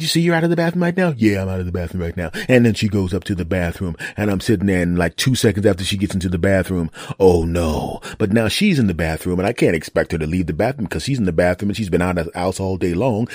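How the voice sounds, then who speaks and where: Fast-talking man telling a comic story. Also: low voice, darkish tone, husky, no echo, clean studio sound. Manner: repetitive, rambling, builds jokes by repeating words. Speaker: podcast host.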